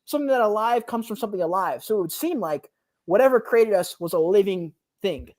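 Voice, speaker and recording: A man in his twenties, co-hosting a podcast, telling a personal story in a casual, animated way, full of slang like "bro" and "like.". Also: high voice, a little fast. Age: 20s. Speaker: podcast co-host.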